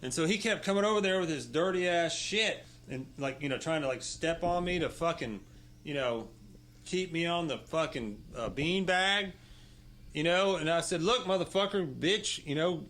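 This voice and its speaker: Man, casual interview guest, bright forceful voice, rambling, swears a lot, says "you know" and "right" constantly. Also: a little high, normal speed. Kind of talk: casual storytelling.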